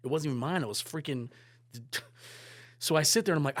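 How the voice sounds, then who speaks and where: A man telling a story as a podcast guest, lively, swearing, moving from loud bursts to hushed asides. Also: a little high, a little fast, dry recording. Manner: animated, swearing, swings between loud and hushed. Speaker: guest photographer and director. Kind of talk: casual storytelling.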